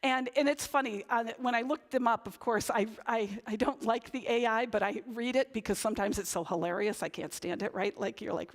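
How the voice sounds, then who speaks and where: A woman's voice: medium pitch, a little fast, vocal fry. A woman pastor giving a conversational sermon, often tagging her points with "right?". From Northern New England. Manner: conversational, chatty, frequent "right?" tag questions. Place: church.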